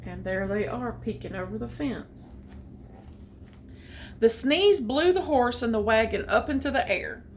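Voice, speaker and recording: Lady reading a picture book to kids, lively, chats about the pics, bit high pitched. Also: measured pace, slight background noise. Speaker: storytime reader. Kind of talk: children's read-aloud with commentary.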